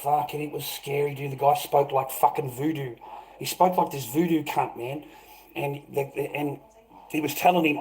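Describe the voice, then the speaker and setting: A man's voice: on the high side, fairly even intonation, normal speed, darkish tone. Swearing, aggressive man. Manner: aggressive, swearing, repeats himself. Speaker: live streamer. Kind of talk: confrontational live stream rant.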